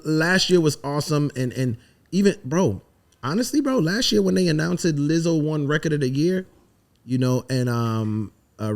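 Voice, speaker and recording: A man from the Virgin Islands, a songwriter telling animated, emphatic stories and swearing freely in a casual podcast interview. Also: mid-range voice. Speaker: songwriter guest.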